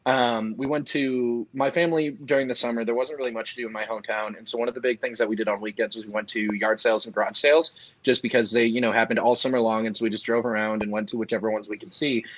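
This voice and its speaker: A young man co-hosting a casual podcast chat, animated and quick to jump in. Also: mid-range voice, poor audio. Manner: animated, jumps in and interrupts. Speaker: podcast co-host.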